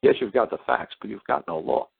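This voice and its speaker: A deep, husky man hosts a talk show and tells his story in a blunt, combative way. The sound is thin and tinny, like a phone line. He strings his points together with repeated "I said". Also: lively intonation, a little fast, dry recording.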